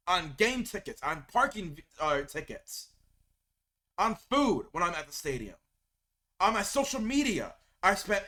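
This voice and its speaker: A man vents to camera about his team in a heated fan rant, often stumbling over and repeating his words. His voice sits high and swings widely in pitch. The tone is bright and sharp. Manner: heated, venting, repeats words when upset. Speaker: sports video creator.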